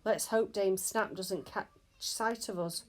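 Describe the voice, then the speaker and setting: A woman's voice: medium pitch, fairly even intonation, slow. A woman reading a storybook aloud, voicing a worried magical male creature.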